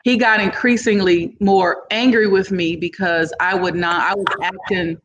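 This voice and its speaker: Woman guest, middle-pitched voice, animated storyteller who plays out each person's lines, loose casual phrasing. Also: moderate pace, highs cut off, noisy background. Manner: animated, acts out other people's lines in the story. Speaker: entrepreneur guest.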